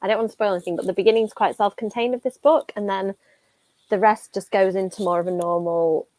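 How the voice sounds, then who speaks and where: A woman's voice: mid-range voice, fairly even intonation, quick pace, a little mellow, no room sound, poor audio. A woman in her thirties, an author hosting a casual writing-sprint chat, talking in a chatty, self-deprecating way and laughing often.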